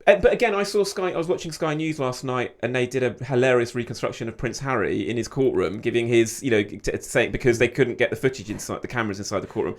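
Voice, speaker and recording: A man speaking as a guest on a media podcast, animated and repeating words as he thinks aloud. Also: medium pitch. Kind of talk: casual media discussion.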